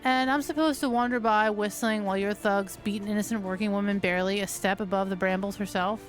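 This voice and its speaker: A woman's voice: mid-range voice, steady tone, quick pace, faint music behind, close to an everyday voice. A woman voicing a defiant young male outlaw swordsman in a story game, in her own voice.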